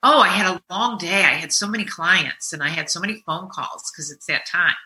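A middle-aged woman hosting a podcast as a therapist, telling stories in a casual chat and swinging between loud and hushed. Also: fairly low pitch, brisk, rough recording.

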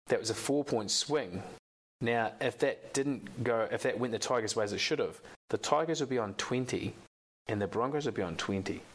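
A man's voice: mid-range voice, moderate pace. An Australian man co-hosting a sports podcast, chatting casually and opinionated, rambling and swearing now and then. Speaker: podcast co-host.

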